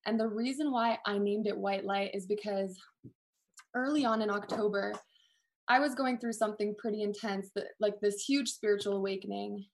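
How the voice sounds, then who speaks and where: A woman on a video call, sharing warmly and apologizing nervously as a guest, then singing her own song. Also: mid-range voice, fairly even intonation, moderate pace. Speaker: guest singer-songwriter. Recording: backing music playing. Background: backing music.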